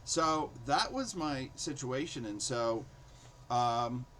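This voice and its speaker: A man's voice: medium pitch, lively intonation, slow, a bit bright, slight background noise, poor audio. A man in his forties, a teacher hosting his own show, casually telling a story from his career with lots of fillers and acted-out quotes. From New York City. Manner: chatty, many fillers, acts out quotes in raised voice. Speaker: host and storyteller.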